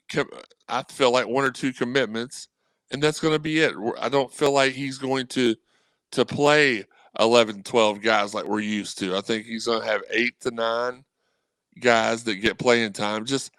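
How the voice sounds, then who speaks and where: A man on a podcast as a guest, talking sports in a rambling, animated way. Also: mid-range voice, smooth, no echo. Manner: animated, rambling, quotes people in voices. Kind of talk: casual sports talk.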